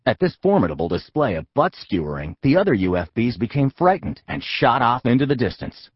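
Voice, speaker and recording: Lively husky male audiobook narrator. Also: mid-range voice, brisk, dry recording, highs cut off. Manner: lively, playful storytelling. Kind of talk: comic kids' audiobook narration.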